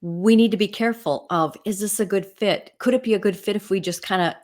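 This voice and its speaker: Her voice medium-pitched, a bit fast and slightly mellow, a middle-aged real estate agent from the US Midwest teaches conversationally. She tells stories and keeps tossing in "you know" and "right?" asides.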